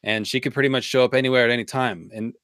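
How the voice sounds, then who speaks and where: A man co-hosting a live stream Q&A, teasing and joking with his partner. His mid-pitched voice sounds dry and close, with no room around it. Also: fairly even intonation, very fast, fairly bright tone, no room sound. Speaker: co-host guest.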